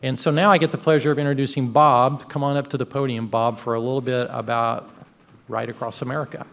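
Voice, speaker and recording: Brief: male club president, upbeat announcements, mid pitch, long hall reverb. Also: steady tone, quick pace, gravelly, fairly bright tone. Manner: upbeat, joking. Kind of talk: meeting announcements.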